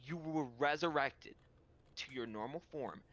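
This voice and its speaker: A man narrating a tabletop game as game master, animated and rambling with fillers. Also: a little high, measured pace, highs cut off.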